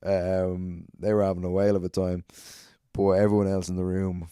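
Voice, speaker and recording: A stand-up comedian hosting his podcast alone, telling a long story in a very low voice. His tone is dark and mellow, and the recording is dry and close. He rambles and swears freely as he tells it. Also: level tone, normal speed, smooth, no room sound. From Ireland. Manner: profane, rambling anecdote with acted-out quotes. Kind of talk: casual solo podcast storytelling.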